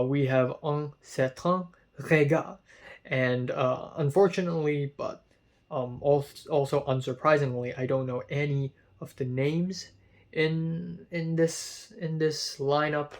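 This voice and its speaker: A man talking casually about a film festival line-up, rambling with many fillers and growing excited at times. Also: a little high, unhurried. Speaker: film reviewer. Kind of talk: casual vlog commentary.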